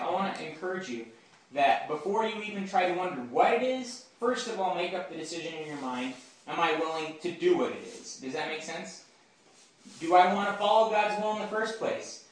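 A man with a high, expressive voice speaks at a moderate pace, giving an informal, conversational Bible talk to a campus group. He keeps checking in with his listeners. The room is very echoey and the mic is far away.

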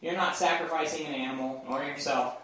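Speaking fairly quickly in a fairly high, sharp voice with fairly even intonation, a man leads a casual Bible talk for campus students. He often checks in with the group, and the distant mic picks up heavy room echo.

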